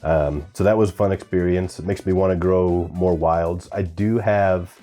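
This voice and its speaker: With faint music in the background, the gardening and pepper-tasting host speaks in a deep, dark voice at a moderate pace and fairly even intonation. He chats casually to camera, owning up that he can't say plant names properly.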